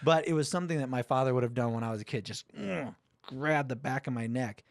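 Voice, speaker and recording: A man's voice: medium pitch, fast talker, dry recording, clean studio sound. A man hosting a casual podcast chat, retelling a story in a loose, profane way. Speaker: podcast host.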